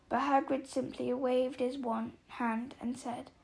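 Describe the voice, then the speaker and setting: Slow, creaky-voiced woman reading a story. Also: high-pitched, little pitch movement, darkish tone, low-quality recording. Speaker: narrator.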